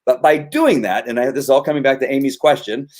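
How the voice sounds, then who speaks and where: A dog trainer explains his methods in a loose, conversational way. He often stumbles, repeats words and restarts his sentences. His voice sits at an ordinary pitch for a man. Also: fast, a little mellow. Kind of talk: casual explanatory talk.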